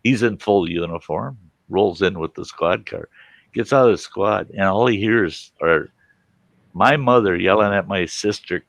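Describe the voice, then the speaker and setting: A man's voice: lowish voice, unhurried, creaky, no room sound. A man hosting a casual chat, telling a childhood story and acting out his family's voices. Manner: animated, acts out voices of family members. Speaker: host.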